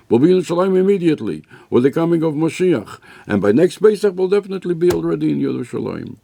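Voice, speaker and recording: A man's voice: mid-range voice, gravelly, warm tone, no room sound. A man teaching a Torah class as a rabbi, telling stories with emphatic repetition. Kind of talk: sermon-style Torah class.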